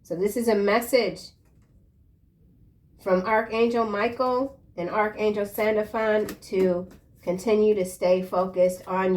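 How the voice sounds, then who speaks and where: A woman reads tarot cards in a relaxed, unhurried way, her talk loose and slangy. Now and then she bursts into excited exclamations. Her voice sits at an ordinary middle pitch. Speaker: tarot reader. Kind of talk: casual tarot reading.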